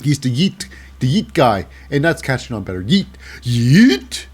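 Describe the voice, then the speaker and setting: A man's voice: mid-range voice, lively intonation, fairly quick, slightly rough. A man hosting a casual wrestling show recap, rambling with lots of fillers and hyping things up with "baby".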